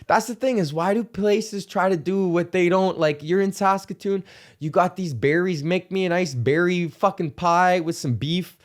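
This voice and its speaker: A man's voice: high-pitched, moderate pace. A young man hosting a comedy podcast, ranting in a casual, rambling way, swearing and laughing often. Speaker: podcast host.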